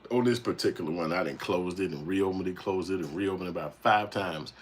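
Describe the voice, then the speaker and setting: A very deep-voiced man hosts a casual livestream, talking loosely and profanely and acting out quoted voices. A faint hiss sits under his voice. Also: brisk. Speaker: channel host.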